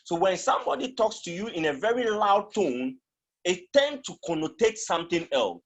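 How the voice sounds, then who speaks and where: A man's voice: sits high, very animated, normal speed. A man giving a teaching talk on marriage, emphatic and repetitive, acting out different tones of voice as examples. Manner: emphatic, repeats phrases and demonstrates tones of voice. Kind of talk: teaching talk, switching between languages.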